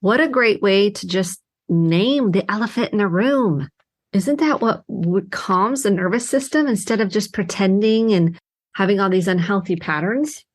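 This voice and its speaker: A woman's voice: medium pitch, moderate pace. A middle-aged woman therapist hosting her own podcast, talking alone in an earnest, heartfelt way with emphatic bursts. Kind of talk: reflective solo podcast monologue.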